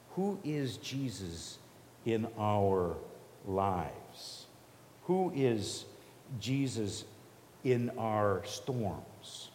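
A man's voice: fairly low pitch, darkish tone, a little hiss or hum. A man preaching a sermon in an earnest, conversational way, with restarts and repeated questions. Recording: echoey hall reverb.

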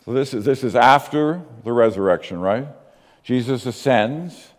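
Male pastor, sermon delivery, animated intonation, emphatic and questioning. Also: mid-range voice, big-room sound. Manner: emphatic, with rhetorical questions and slow stressed words.

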